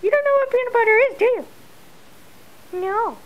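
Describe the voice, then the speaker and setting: Woman, home video, very high sing-song baby talk to her dog, swooping and unhurried. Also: animated, phone-quality sound, a little hiss or hum. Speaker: pet owner filming her dog.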